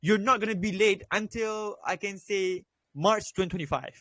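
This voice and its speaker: Blunt swearing young man, fairly high voice. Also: normal speed, bright, forceful tone, no echo. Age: young adult. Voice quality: blunt, swears often, repeats points. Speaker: crypto trading voice chat host. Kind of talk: casual voice chat advice.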